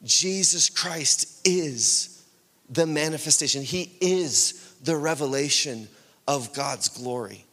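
A man's voice: fairly high pitch, slow pace. Man preaching in a reverberant hall. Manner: animated storytelling, acting out voices in quotes. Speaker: pastor. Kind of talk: sermon.

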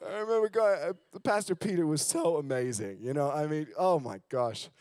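A man preaching a sermon in a church, telling candid, self-mocking stories and swinging between loud emphasis and low, hushed lines. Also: moderate pace, dry recording. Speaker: guest preacher. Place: church sanctuary.

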